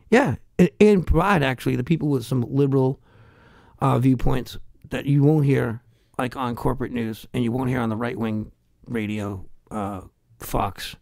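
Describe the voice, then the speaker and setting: A middle-aged hardcore musician with a Boston accent rants as a podcast guest in profane, heated, rambling bursts during casual chat. His voice is medium-pitched, creaky, and a little mellow, recorded at studio quality with no echo.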